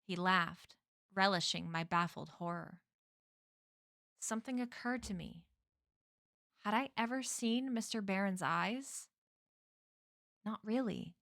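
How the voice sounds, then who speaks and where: A woman's voice: medium pitch, fairly bright tone, dry recording. A woman reads a novel aloud for her stream, taking her time over each sentence. Her voice sits mid-range and sounds close and dry, with no room around it. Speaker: streamer reading a book aloud.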